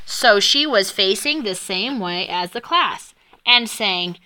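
A woman reading a children's picture book aloud in a slow, expressive storytelling voice. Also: mid-range voice. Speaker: reader.

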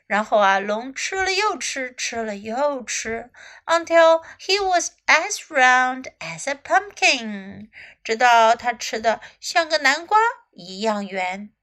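A high, bright-voiced woman reads a storybook aloud in two languages as an English teacher. She takes her time and shapes each line expressively, slow and deliberate. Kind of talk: bilingual storybook reading.

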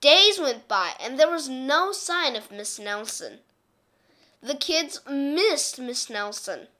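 A woman reading a children's picture book aloud in an expressive, unhurried way. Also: high voice. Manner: expressive, slow, lively reading. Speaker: storyteller.

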